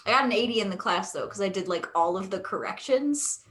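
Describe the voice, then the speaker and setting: A woman chats casually on a live stream in a middle-pitched voice. She speaks earnestly and pokes fun at herself. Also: animated, fairly quick, a bit bright. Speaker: panelist.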